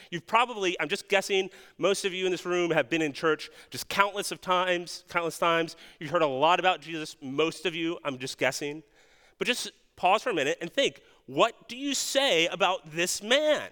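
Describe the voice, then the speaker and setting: Earnest preacher in a reverberant hall. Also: male voice, on the high side, measured pace, sharp tone, smooth. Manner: earnest, questioning, frequent stammered restarts. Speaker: pastor. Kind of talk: sermon. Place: church sanctuary.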